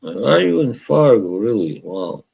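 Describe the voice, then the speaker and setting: A man's voice: mid-range voice, very animated, unhurried, vocal fry, a little mellow, husky. A man hosting a casual live stream, rambling, chuckling often and reading chat aloud from home.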